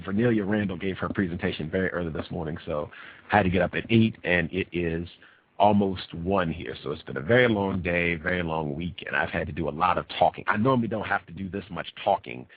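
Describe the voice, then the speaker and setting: A tired man hosting a radio show, talking in an animated, emphatic way and repeating points for effect. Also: sits low, husky. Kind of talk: animated talk at a conference. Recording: tinny phone-like dry recording.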